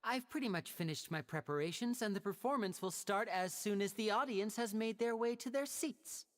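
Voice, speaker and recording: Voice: medium pitch, moderate pace, lightly acted. A performer voicing a showy young male stage magician who talks like a courteous, theatrical showman.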